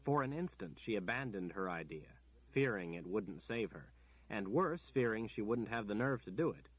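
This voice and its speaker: Man, audiobook narration, steady and measured, husky low voice, dull lo-fi recording.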